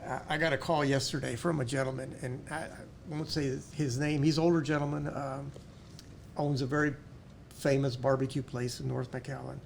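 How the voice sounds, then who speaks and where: Gravelly man, earnest. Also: mid-range voice, little pitch movement, moderate pace, slight background noise. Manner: earnest, repeats words as he restarts. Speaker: guest, pharmacy owner and school board member. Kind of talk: casual interview chat.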